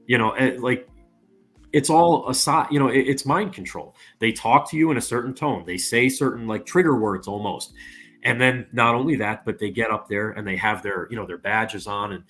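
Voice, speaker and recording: A man's voice: mid-range voice, moderate pace, fairly bright tone, faint music behind. A man guest on a casual podcast, explaining at length and leaning on "you know" fillers.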